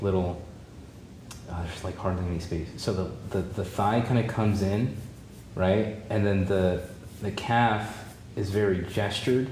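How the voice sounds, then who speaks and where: A man teaching a drawing demonstration, relaxed and encouraging, thinking aloud as he draws and repeating key points. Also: low voice. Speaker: art teacher. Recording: roomy with faint background noise.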